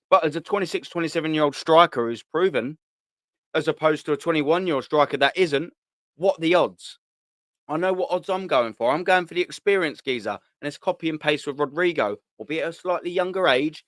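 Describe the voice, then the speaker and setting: Reading out viewer comments on his live fan show, a man talks casually and bluntly, full of slang, swearing and repetition. His voice sits a little high with a slightly bright quality, and the recording is dry.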